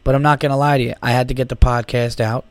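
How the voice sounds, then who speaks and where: A tired, slightly sick man in his thirties rambles through a solo comedy podcast, swearing freely and riffing with giddy energy. His voice sits at an ordinary pitch. The sound is dry and close, with little room around it. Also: little pitch movement, quick pace, no echo. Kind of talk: casual solo podcast monologue.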